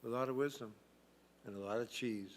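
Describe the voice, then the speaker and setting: This trivia host runs a live stream, wryly reading each question and answer and tossing in dry side comments. He speaks in a mid-range voice at a fairly quick clip.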